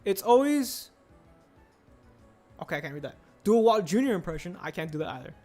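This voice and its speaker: A man's voice: sits high, sing-song, a little fast, warm tone. A young man streaming casually, rambling and answering chat aloud as he builds. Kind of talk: casual livestream chat while building a set. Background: faint music.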